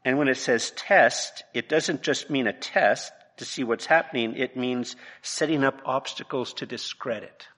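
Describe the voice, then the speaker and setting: A man preaching a sermon from his notes, emphatic, dropping to a hush and then rising to loud, pressing points. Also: medium pitch, a little slow, few pauses. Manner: emphatic, swings from hushed to loud.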